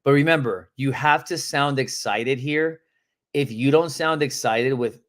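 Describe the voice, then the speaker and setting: A man coaching real estate agents live, animated and emphatic, acting out phone calls and calling out viewers by name. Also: medium pitch, measured pace.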